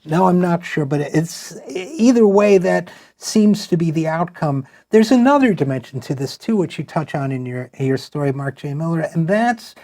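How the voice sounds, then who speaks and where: A man's voice: a little high, animated, normal speed, few pauses, mellow. A middle-aged man hosting an interview, musing aloud with frequent restarts and fillers. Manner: rambling, thinks aloud with many restarts and fillers. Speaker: show host. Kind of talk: conversational interview.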